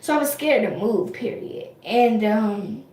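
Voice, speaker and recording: Young woman vlogger, highish voice, chatty storytelling, lots of ums, echoey room. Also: lively intonation, a little slow, dark tone. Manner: chatty, frequent fillers and restarts. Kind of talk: casual storytelling to camera.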